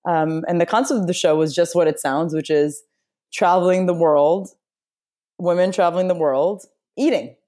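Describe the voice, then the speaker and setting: A woman telling a personal story as an interview guest, chatty and expressive, with frequent fillers and restarts. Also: fairly low pitch, normal speed. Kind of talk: casual storytelling in a conversation.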